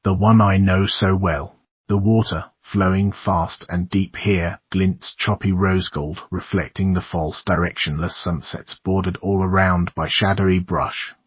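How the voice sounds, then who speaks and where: Male horror audiobook narrator: very low, husky, measured and somber; dry, slightly muffled audio. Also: fairly even intonation, no room sound.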